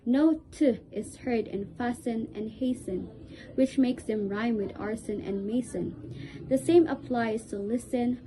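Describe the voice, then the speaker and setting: A woman's voice: fairly high pitch, measured pace, noisy background. A woman reciting a rhyming poem, carefully sounding out each word in lists.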